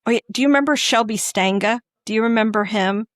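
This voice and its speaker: A chatty woman from Northwestern Pennsylvania co-hosts a podcast, making casual, rambling conversation full of restarts. Her voice is a little high and fast, and the sound is dry and close with no echo.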